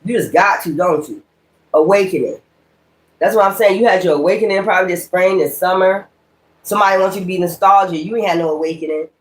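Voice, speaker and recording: A woman's voice: fairly low pitch, fast. A woman giving a spoken tarot reading in a blunt, profane, ranting manner. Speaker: tarot reader. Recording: echoey room.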